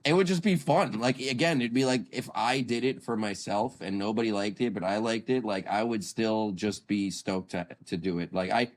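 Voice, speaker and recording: Podcast guest, man in late twenties, raspy and low, loose rambling delivery. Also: moderate pace, hardly any pauses. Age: late 20s. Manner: rambling, animated storytelling. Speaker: guest vocalist. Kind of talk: casual chat.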